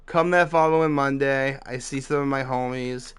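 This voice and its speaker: A young man recounts a teenage mishap in an unpolished, conversational storytime. His voice is smooth and resonant, sitting at an ordinary pitch. He leans on fillers and swears freely as he goes. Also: steady tone, normal speed. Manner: loose and profane, heavy "like" fillers. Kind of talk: casual storytime.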